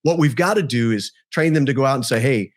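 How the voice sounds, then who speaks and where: A man's voice: mid-range voice, quick pace. A man guest on a podcast, a business coach telling wry, folksy stories to make his point. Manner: storytelling, wry, folksy analogies. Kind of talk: conversational podcast interview.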